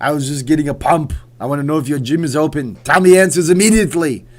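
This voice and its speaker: A man putting on a loud, bragging impression of a famous Austrian-accented bodybuilder governor, in broken English. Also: fairly high pitch, fast talker, close to an everyday voice. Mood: boastful.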